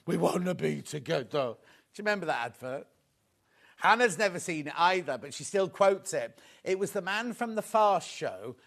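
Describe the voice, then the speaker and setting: A man's voice: a little high, fairly bright tone. A man presenting a live home shopping show in a TV studio, chatting and gushing over the products.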